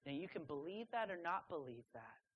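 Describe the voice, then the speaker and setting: Woman, young adult, sermon, emphatic stresses, dramatic pauses. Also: deep voice, very animated, dull audio, slight background noise. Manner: emphatic, drawn-out pauses on key words. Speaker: preacher at a student gathering.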